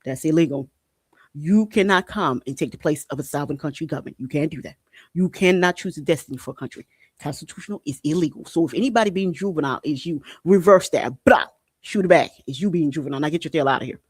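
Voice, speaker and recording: A man's voice: a little high, fast, husky, no echo. A man hosting a podcast, delivering an impassioned political monologue, fiery and repetitive, swearing and hammering his points home. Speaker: podcast host.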